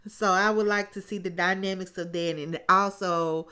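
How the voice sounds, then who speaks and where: A woman's voice: fairly low pitch, steady tone, moderate pace, bright, forceful tone, clean tone. A woman hosting a casual reality-show recap, talking sassily straight to her viewers. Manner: sassy, talks straight to viewers. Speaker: TV recap host.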